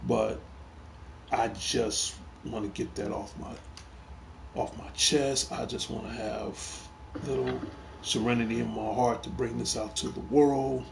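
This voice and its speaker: Speaking at a medium pitch with fairly even intonation, this middle-aged man sounds unhurried and creaky over slight background noise. He hosts a gaming talk show in a casual live stream, emphatically repeating phrases as he heats up at a troll.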